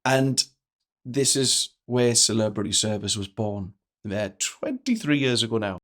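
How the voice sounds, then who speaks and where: A man, a guest telling stories in a lively way and acting out the lines of the people in them. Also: lowish voice, a little slow. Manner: energetic, acts out quoted dialogue. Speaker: guest speaker. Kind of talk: animated storytelling in a podcast interview.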